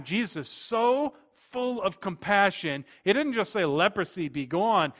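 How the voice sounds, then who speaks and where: A middle-aged man preaches with a fairly high voice. He moves between emphatic, raised lines and quiet, hushed ones as he talks to his congregation. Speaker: pastor. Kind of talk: sermon.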